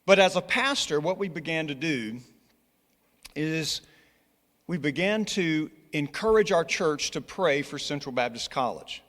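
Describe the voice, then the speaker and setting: A man's voice: a little high, animated, a little slow, fairly bright tone. A man with a Scottish accent, a college's church relations director, earnestly urging a congregation and telling personal stories with frequent restarts. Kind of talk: church presentation with personal story. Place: church sanctuary. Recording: long reverb in a large church hall.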